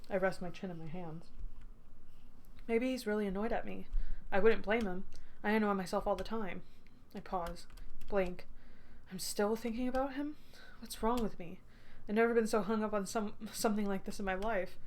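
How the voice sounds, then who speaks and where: A woman's voice: mid-range voice, fairly even intonation, normal speed, long pauses. A young woman streamer reading a story game aloud, breaking off to swear and laugh at it. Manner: swears freely, bursts into laughter. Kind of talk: reading a visual novel aloud with reactions.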